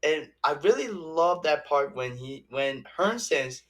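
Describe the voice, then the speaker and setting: Slow, rambling young man reviewing a movie. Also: on the high side, animated, a bit bright. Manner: rambling, halting, many restarts and fillers.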